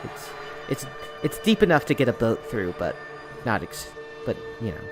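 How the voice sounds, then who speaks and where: A man running a tabletop game as game master, talking in halting bits with frequent restarts. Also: medium pitch, sing-song. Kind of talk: narrating a tabletop game over voice chat. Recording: music playing behind.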